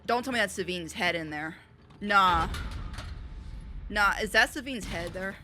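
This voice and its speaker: A young woman hosting a reaction video, commenting casually and excitedly, often cheering and laughing out loud. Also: mid-range voice, unhurried, slight background noise.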